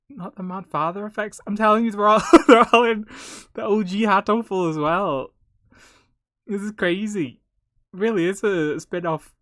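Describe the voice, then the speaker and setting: A man streaming a visual novel live, joking and laughing often, with quick asides. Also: sits high, a bit bright, no echo, studio quality. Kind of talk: casual live game commentary.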